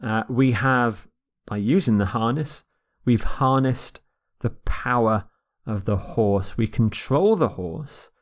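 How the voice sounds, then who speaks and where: A man teaching English vocabulary in a lecture, slowly repeating each word and its pronunciation for learners. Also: mid-range voice. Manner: slow and deliberate, repeating words for pronunciation.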